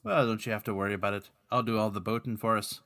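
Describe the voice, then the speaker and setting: A man's voice: lowish voice, steady tone, quick pace, a bit bright. Patrick, a man doing a jovial Irish fisherman. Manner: folksy, jovial banter. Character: cheery Irish man, boat-loving fisherman.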